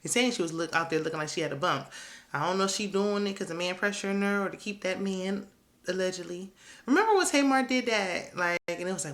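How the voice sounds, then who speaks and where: Woman, reality show recap vlogger, slightly low voice, sassy and chatty, laughs a lot, casual gossip. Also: quick pace, a bit bright.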